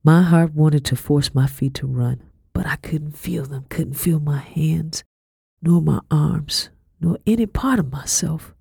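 A woman reading a first-person storybook, earnest and quietly tense, sometimes dropping to a whisper. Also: sits low, a little slow, vocal fry, slightly rough, dry recording, clean studio sound. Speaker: audiobook reader.

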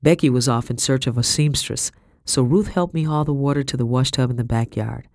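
A woman narrating a first-person historical novel as an audiobook, with expressive, steady storytelling on a close studio mic. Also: a bass voice, a little fast, no room sound.

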